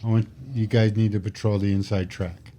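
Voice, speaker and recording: A man's voice: fairly low pitch, fairly quick. A man, a retired police officer, telling stories animatedly and acting out what people said, on a podcast microphone. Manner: animated, acts out quotes, self-described particular. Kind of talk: casual storytelling.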